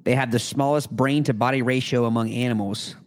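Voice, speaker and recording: A man's voice: medium pitch, fairly even intonation, fairly quick. A man co-hosting a podcast, reading out a top ten list of facts with stumbles and laughs. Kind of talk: casual chat.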